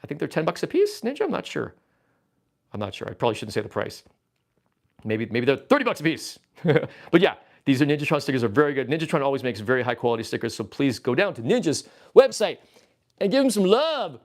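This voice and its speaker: A man's voice: mid-range voice, big pitch swings, fast. A man hosting a casual livestream from a toy-filled room, rambling goofily and reading the chat aloud. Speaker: livestream host.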